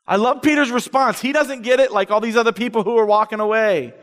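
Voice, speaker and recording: A man preaching a sermon to college students as a campus minister, animated, acting out the voices he quotes. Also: very high-pitched, fast, hardly any pauses, long reverb tail.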